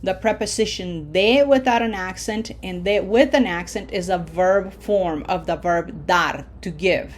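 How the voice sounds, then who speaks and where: A woman teaching a Spanish pronunciation lesson, explaining patiently, checking in with "okay?" and modeling words slowly. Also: fairly low pitch. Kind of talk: classroom lesson.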